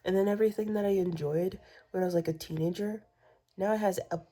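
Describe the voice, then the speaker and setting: A woman's voice: medium pitch, fairly even intonation, fast, dark tone. A woman venting in a rambling vlog rant, swearing a lot, repeating herself and dropping into whispers. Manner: profane, repetitive venting, drops to whispers. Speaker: vlogger.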